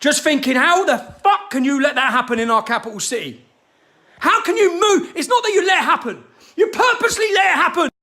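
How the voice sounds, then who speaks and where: Angry man in his thirties, pitched very high, tense and cutting, ranting to camera with constant swearing. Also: expressive, a little fast. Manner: furious, shouting, heavy swearing.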